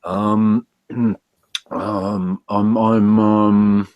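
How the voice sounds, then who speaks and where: A man's voice: fairly low pitch, little pitch movement, extremely slow, no echo, muffled recording. Rambling, hesitant man on a video call. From England. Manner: rambling, hesitant, many fillers and restarts. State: slightly asthmatic. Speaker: viewer on a live call. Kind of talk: casual chat.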